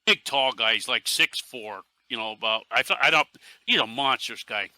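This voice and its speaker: Bright-voiced animated storyteller man. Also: medium pitch, normal speed, no echo. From Northeastern Pennsylvania. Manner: animated storyteller, acts out quotes with laughs. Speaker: podcast guest, airsoft team leader. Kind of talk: casual podcast chat.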